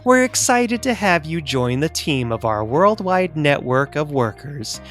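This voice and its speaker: A man's voice: on the high side, sing-song, unhurried, fairly bright tone, faint music behind. A man voicing the upbeat, salesy narrator of a company orientation video. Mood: cheery.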